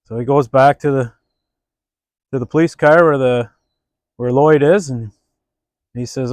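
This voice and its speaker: A man hosting a casual beer review and telling a joke, relaxed and halting, with many fillers. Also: mid-range voice, no echo. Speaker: host.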